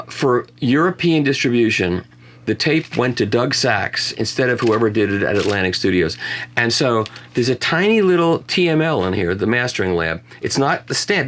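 A man's voice: mid-range voice, fairly bright tone, a little hiss or hum. A man reviewing vinyl records in a casual conversation, chatty and full of self-mocking jokes and restarts. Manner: chatty storyteller who often restarts and jokes about himself.

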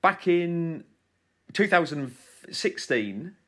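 A man's voice: a little high, sing-song, extremely slow, fairly bright tone. A man co-hosting a podcast, telling stories in a casual, teasing way. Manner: storytelling, teasing banter. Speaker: podcast co-host. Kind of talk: casual chat.

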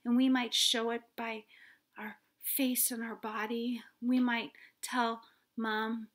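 A woman teaching preschoolers about feelings, patient and coaxing, asking the children questions. She often drops into a soft whisper and then comes back with gentle emphasis. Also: on the high side, little pitch movement, takes it slowly. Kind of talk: gentle lesson for young children.

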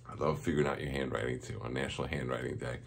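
A man's voice: rumbling low, steady tone, rapid-fire, vocal fry, slight background noise. A man, a school principal, giving cheerful morning announcements to students and chuckling at their jokes.

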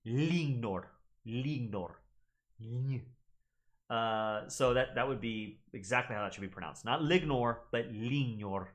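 A man's voice: mid-range voice, measured pace. A man who teaches Latin, explaining pronunciation in a casual, chatty way. He repeats words carefully to model them and talks straight to his viewers. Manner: animated, chatty, addresses viewers directly.

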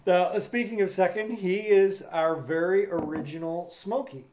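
A man's voice: high voice, moderate pace, a little mellow, slight background noise. A man hosting a casual podcast chat, talkative and laughing as he tells stories. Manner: chatty, laughs while telling stories. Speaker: podcast host and filmmaker.

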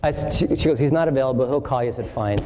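A man preaching as a pastor, telling a long personal anecdote in an animated way and acting out each voice in it. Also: mid-range voice, rapid-fire. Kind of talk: storytelling sermon. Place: church hall. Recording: distant hall reverb, faint noise.

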